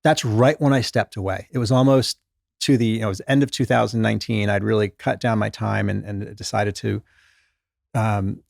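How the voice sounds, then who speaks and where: A middle-aged man, a former doctor, telling stories in a casual interview, animated and self-deprecating, acting out his own thoughts. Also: fairly low pitch, normal speed, creaky, dry recording, studio quality. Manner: animated, self-deprecating, lots of restarts and quoted inner thoughts. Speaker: guest author, former doctor.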